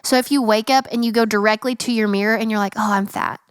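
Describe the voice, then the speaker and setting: Young woman, podcast host, heartfelt faith talk, earnest and emphatic, fairly high voice, dry close sound. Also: fairly even intonation, fast talker, clean tone, no room sound.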